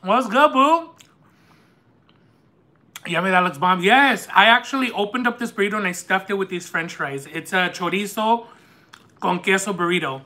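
A man hosting a live eating stream, telling a story in an animated, chatty, lightly sarcastic way. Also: sits high, fairly quick. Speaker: mukbang host. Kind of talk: casual storytelling while eating on a livestream.

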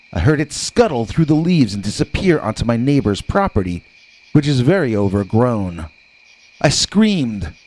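A man reading a first-person scary story aloud, with measured, dramatic pacing and pauses. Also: mid-range voice, a little mellow.

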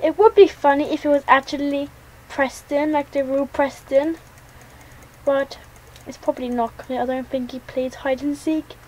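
Jittery high-voiced woman. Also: steady tone, moderate pace, a little mellow, low-quality recording. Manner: jittery, talks to herself while playing. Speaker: gaming channel host. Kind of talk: let's play commentary.

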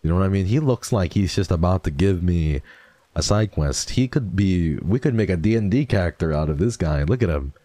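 A young man streaming casual chat, mock-emo and swearing freely, dropping to mumbles and then jumping into excited high squeals. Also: brisk, no echo.

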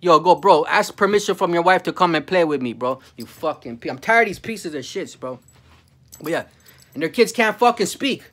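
A man's voice: a little high, expressive, brisk, bright, forceful tone. A man, ranting angrily and with a lot of profanity in a vlog, often tacking 'bro' onto his sentences. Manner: heated, profane, repeats 'bro'. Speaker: vlogger. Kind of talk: angry profane rant to camera.

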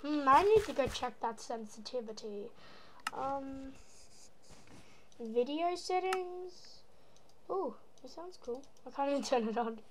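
Rambling through gameplay as a gaming channel host, this Australian woman affects an American accent and plays around with silly noises. Her high, fairly bright voice is animated yet unhurried, with long pauses, on a rough recording with slight background noise.

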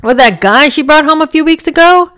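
A woman's voice: fairly low pitch, little pitch movement, very fast, smooth, close to an everyday voice. A woman reading as a blunt old grandfather.

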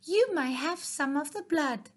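A woman's voice: sits high, big pitch swings, slow pace, voice pushed up, exaggerated voice. A woman voicing a proud, sneering little mouse. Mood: scornful. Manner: commanding, sneering. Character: proud selfish bossy little male mouse.

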